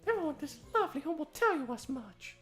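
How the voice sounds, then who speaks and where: Pompous theatrical diva warden, high and swooping, sugary put-on airs; a man plays her. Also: sing-song, moderate pace, soft background music. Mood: grandiose. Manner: grand, sugary, pompous delivery with fake airs. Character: flamboyant affected woman prison warden, theatrical diva. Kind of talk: game voice-over dub.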